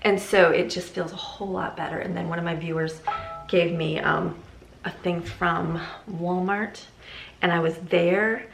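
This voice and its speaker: Chatty middle-aged woman, gravelly, echoey room. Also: lowish voice, fairly even intonation, a little slow, faint music behind. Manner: chatty, rambling, laughs often. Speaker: vlogger. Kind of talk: casual chat. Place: home. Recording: echoey room with faint ambient noise.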